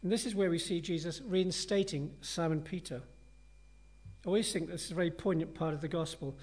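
Speaking fairly fast, this male preacher walks his congregation through a passage with a relaxed, chatty sermon that feels sincere and reflective. His pitch runs a bit above most men's.

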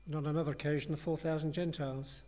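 A man's voice: on the high side, level tone, quick pace, mellow. A man preaching a sermon in an earnest, conversational and reflective way.

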